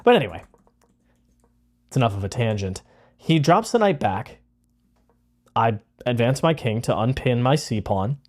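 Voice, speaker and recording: Excitable young man with a lively voice. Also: mid-range voice, a little slow, pauses often. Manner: excitable, rambling, with many fillers. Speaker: chess content creator. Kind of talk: casual chess game commentary.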